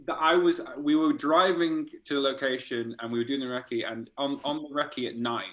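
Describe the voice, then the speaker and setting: A man, an art director, casually telling animated stories in a podcast chat, laughing and swearing as he goes. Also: mid-range voice, moderate pace, poor audio.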